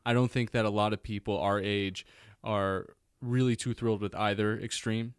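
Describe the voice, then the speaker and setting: Smooth-voiced man holding forth on a podcast. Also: fairly low pitch, fairly even intonation, moderate pace, dry recording, studio quality. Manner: opinionated, laughs often. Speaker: podcast co-host. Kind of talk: casual chat.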